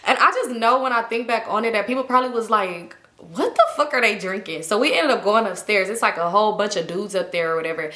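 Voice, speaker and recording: Fast, bright-voiced woman telling a story. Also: mid-range voice. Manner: animated, slangy, acts out quotes. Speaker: storytime vlogger. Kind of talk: casual storytelling. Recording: roomy echo.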